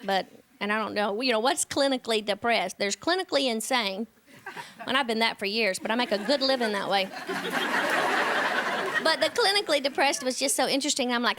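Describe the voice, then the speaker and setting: A woman's voice: a little high, animated, normal speed. A woman stand-up comedian with punchy, self-mocking comic timing, telling stories and then chatting as a guest. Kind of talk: stand-up comedy routine then interview chat. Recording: background noise under the voice.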